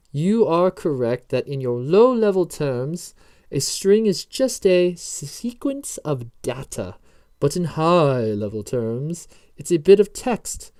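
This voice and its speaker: Guy doing a fake british accent, lecturing about code terms slow and stiff, smooth clear voice. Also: a little high, dark tone, dry recording, clean studio sound. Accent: put-on British. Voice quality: stiff, deliberate, like a film agent. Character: man commenter explaining programming terms, lecturing.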